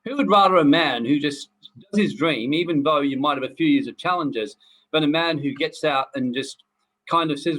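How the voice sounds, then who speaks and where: Middle-aged guy lecturing a group, husky voice a bit high, blunt and preachy, swears a lot. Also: expressive, normal speed, fairly bright tone, low-quality recording. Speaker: personal development speaker. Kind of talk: casual motivational talk to a group.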